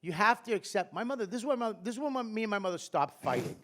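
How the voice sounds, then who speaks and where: A middle-aged man riffing onstage as a guest comedian, with a fairly high-pitched voice. He rambles, swears constantly and runs himself down in a loose, self-deprecating way. It's a live show with an audience present. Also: lively intonation, fast, fairly bright tone. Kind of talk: live podcast chat. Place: live comedy festival stage before an audience.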